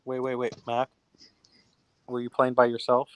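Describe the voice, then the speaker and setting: A man's voice: mid-range voice, monotone, normal speed, highs cut off, noisy background. A man hosting a live stream in casual chat, teasing a guest and often repeating his words.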